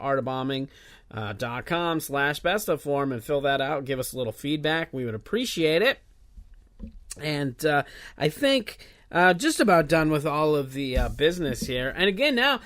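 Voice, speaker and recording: A man's voice: a little high, a bit bright. Casual rambling podcast host, man. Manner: casual, rambling, many filler uhs. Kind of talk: solo podcast intro announcements.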